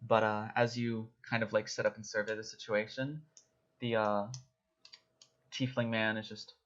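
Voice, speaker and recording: A man's voice: fairly low pitch, flat delivery, normal speed, a bit bright. A man narrating a tabletop game as game master, hesitant and full of fillers. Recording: dull lo-fi recording.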